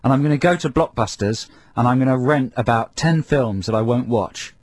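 A man's voice: mid-range voice, moderate pace, darkish tone, dry recording. A man co-hosting a radio show, bantering in a dry, teasing way.

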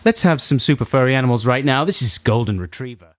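Lively, joking male radio host. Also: medium pitch, fast talker. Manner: jokey, rambling, self-mocking. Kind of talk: casual studio banter. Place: radio studio.

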